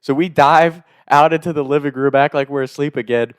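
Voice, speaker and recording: Brief: young man, casual storyteller, lively and laughing, dry close sound. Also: on the high side, fairly quick, smooth, no echo. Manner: animated, laughs often, profane.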